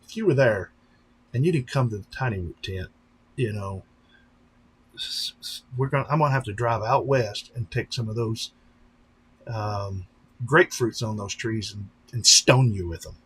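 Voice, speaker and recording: A man hosting a casual live stream, rambling along with many fillers and restarts and slipping into lively voices when he retells a story. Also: on the low side, normal speed, pauses often, slight background noise, poor audio. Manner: breaks into animated voices when retelling stories. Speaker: channel host on a live stream.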